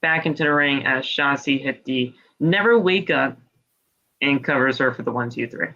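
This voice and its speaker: A man co-hosting a podcast, casually recapping a wrestling show with rambling play-by-play and quick impressions. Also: mid-range voice, bright, forceful tone, highs cut off. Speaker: podcast co-host.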